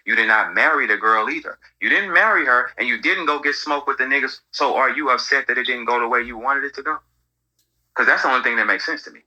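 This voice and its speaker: A man hosting casual commentary, telling stories in an animated, profane way. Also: mid-range voice, low-quality recording. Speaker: host.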